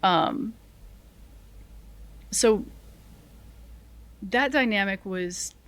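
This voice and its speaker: Lively woman telling war stories. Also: medium pitch, extremely slow, no room sound. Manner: lively, self-deprecating, acts out quotes with laughs. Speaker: podcast guest, retired Army sergeant. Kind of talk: casual interview storytelling.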